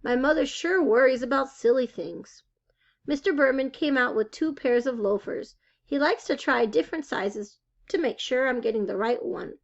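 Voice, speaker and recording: A woman reading a children's novel aloud with expressive storytelling. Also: high-pitched, normal speed, vocal fry, lo-fi sound. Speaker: reader.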